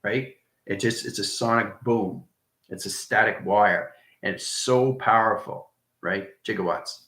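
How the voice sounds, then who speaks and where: A man's voice: fairly low pitch, measured pace, bright, forceful tone, echoey room. A man hosting a livestream, talking in a rambling monologue full of repeated jargon and frequent "right?" checks to his viewers. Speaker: livestream host.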